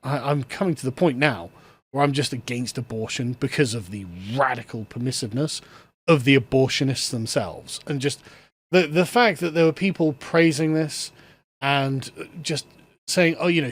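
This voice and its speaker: A man's voice: medium pitch, moderate pace. A man giving sarcastic solo political commentary, ranting and laughing often as he talks.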